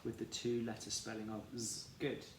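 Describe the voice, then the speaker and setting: A man teaching a phonics lesson for children, sounding out each letter slowly and carefully. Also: on the low side, completely flat delivery. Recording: echoey room, faint background noise.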